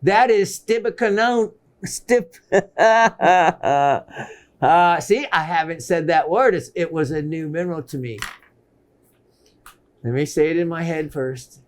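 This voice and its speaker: Slow-talking enthusiastic male shopping host. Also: on the high side. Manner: excited, repeats phrases for emphasis. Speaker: gemstone shopping show host. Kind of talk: enthusiastic sales presentation.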